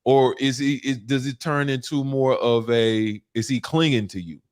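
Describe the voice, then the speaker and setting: A man interviewing a guest in a casual chat, probing with drawn-out, restarted questions. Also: medium pitch, steady tone.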